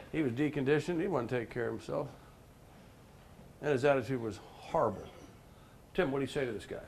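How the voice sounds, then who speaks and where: A man's voice: mid-range voice, slight background noise. A middle-aged man, a professional speaker, telling a story to a live group and quizzing listeners by name. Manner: animated, addresses listeners by name with questions.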